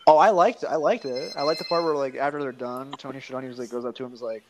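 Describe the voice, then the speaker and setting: A man with a medium-pitched voice rambles through a casual podcast chat and swears freely. Faint noise sits under his voice. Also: quick pace. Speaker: podcast co-host.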